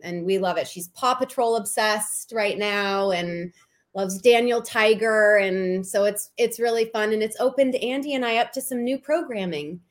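A woman writer joins a casual podcast chat and tells stories in a chatty way, acting out the quotes. Her voice sits in a middle pitch. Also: moderate pace.

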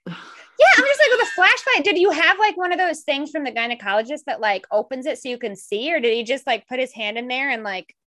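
Young woman reading listener stories on a podcast, with a higher voice that swings widely in pitch and often breaks into giggles. The recording is dry and close, with no room sound. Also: quick pace, few pauses, no room sound. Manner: giggly, animated, laughs often while reading. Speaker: podcast co-host.

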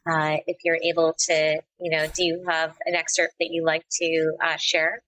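A woman host with a lower-pitched but very bright, forceful voice, asking eager, halting questions. She sits away from the mic, with faint music in the background. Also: level tone, far from the mic, a little hiss or hum, low-quality recording. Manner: enthusiastic, halting questions with fillers. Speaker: interview host.

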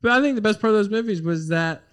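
A man in casual conversation with a slightly higher than usual pitch. He talks in an animated, rambling way, full of fillers, and slips into little acted-out voices as he goes. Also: quick pace. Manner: animated, acts out quoted voices, many fillers. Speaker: podcast co-host. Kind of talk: casual chat.

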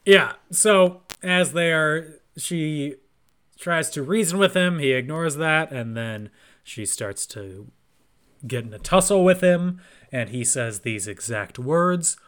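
A man's voice: fairly high pitch, animated, slow, a bit bright. A man co-hosting a podcast, retelling a film plot casually with sarcastic jokes. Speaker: podcast co-host. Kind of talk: casual movie recap chat.

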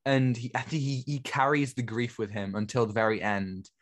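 A man co-hosting a film podcast, giving his opinions in relaxed, thoughtful chat. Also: mid-range voice, moderate pace. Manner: opinionated, thoughtful, lots of "I feel like". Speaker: podcast co-host. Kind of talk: casual film review chat.

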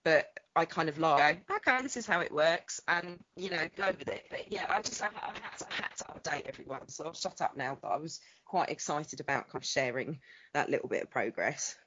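A woman co-host chatting excitedly over an internet call, with halting restarts. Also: sits low, slightly rough, dull audio. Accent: foreign to the host. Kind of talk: casual chat.

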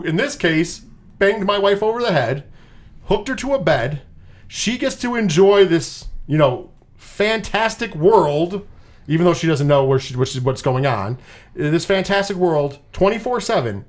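A man casually reviewing a film on a podcast, ranting with a lot of swearing and acting out characters' lines in mocking voices. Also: high voice. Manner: animated, profane ranting with mocking quoted voices.

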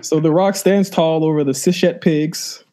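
A man's voice: on the high side, fairly even intonation, moderate pace, warm tone. A man co-hosting a podcast in casual live-watch chat, wisecracking and laughing often. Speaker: podcast co-host.

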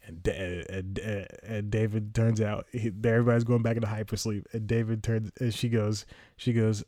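This podcast host has a fairly low, mellow voice with a flat delivery at normal speed, captured dry. He gives a casual review of a movie he watched, wandering off track, breaking off mid-thought and chuckling a lot.

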